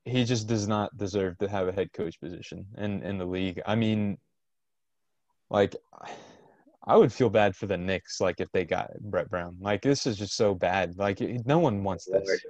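A man co-hosting a casual sports talk show, frustrated and halting, with frequent restarts. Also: sits low, darkish tone, dry recording, muffled recording.

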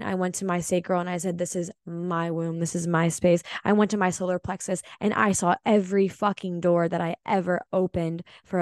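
A woman hosting a solo spiritual podcast, telling a personal story in an earnest, emotional and confessional way, often slow and reflective. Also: medium pitch, darkish tone, no echo. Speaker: podcast host.

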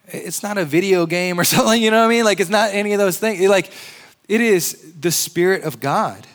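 A man preaching a casual, conversational sermon in an animated way, full of "like" and "you know.". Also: on the high side, moderate pace. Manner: conversational, animated, uses "like" a lot.

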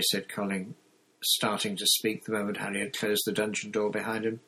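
A man reading a novel aloud in a steady narrating manner, with occasional slips and restarts. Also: lowish voice, normal speed, husky, rough recording. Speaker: audiobook reader. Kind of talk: storybook narration.

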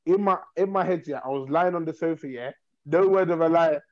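A young man telling a long story in a rambling, animated way, repeating himself. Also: on the high side, a little fast, dull audio. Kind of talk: casual storytelling.

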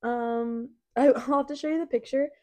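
A young woman in her twenties co-hosts a podcast, talking casually with a fairly high voice. She rambles through her stories with plenty of fillers. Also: steady tone, moderate pace, dark tone. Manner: chatty storyteller, lots of "like"s. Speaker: podcast co-host. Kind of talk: casual chat.

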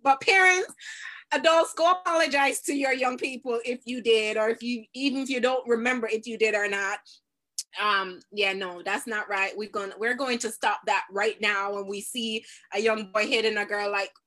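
Bright-voiced animated woman host. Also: fairly high pitch, moderate pace. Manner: animated, laughs often, warm parental tone. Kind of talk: live stream discussion.

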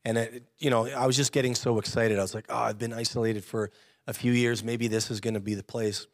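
A man's voice: mid-range voice, flat delivery, no room sound. Guy in his 30s telling his church story, earnest, laughs a lot, mid voice, dry close sound. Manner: earnest, chatty, laughs often, halting restarts. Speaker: church member giving testimony. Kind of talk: personal testimony in church.

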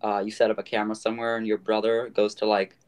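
A man's voice: fairly low pitch, completely flat delivery, quick pace, smooth. Rambling casual podcast host, a man. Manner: rambling, full of fillers and restarts.

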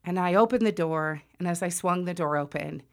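Woman, forties, from the US, personal storytelling, loud, lively, self-mocking. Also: lowish voice, fairly quick. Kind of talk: personal story told to an audience.

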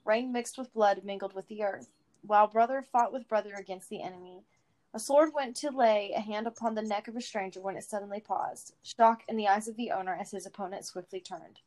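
A woman host with a middle-pitched voice reads a story aloud in a plain narrating voice. She then chats thoughtfully, circling back with restarts as she works through her ideas. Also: fairly quick, darkish tone. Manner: chatty, many fillers and restarts, thoughtful. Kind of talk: reading fan fiction aloud and casual chat.

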